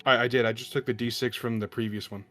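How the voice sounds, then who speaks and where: A man's voice: medium pitch, level tone, fast talker, a bit bright. A man playing a tabletop role-playing game, chatting casually, laughing often and cutting himself off. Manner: laughing, self-interrupting, swears. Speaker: tabletop player. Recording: faint music behind.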